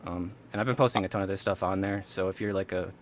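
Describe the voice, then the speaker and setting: Laid-back low-voiced podcast guest man. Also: steady tone, fast talker, slight background noise. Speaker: podcast guest, game collector. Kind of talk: casual chat.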